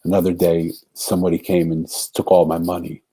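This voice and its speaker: Low husky man telling a story. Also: completely flat delivery, a little fast, warm tone. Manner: earnest storyteller acting out quoted voices. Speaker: podcast guest. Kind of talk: storytelling in a conversation.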